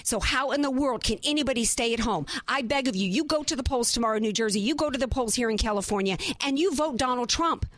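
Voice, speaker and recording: Woman, radio host; emphatic, fired-up monologue, brighter pitch, dry studio sound. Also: fast, few pauses, no room sound. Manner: impassioned, emphatic, rhetorical questions. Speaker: radio talk show host. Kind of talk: opinionated talk radio monologue.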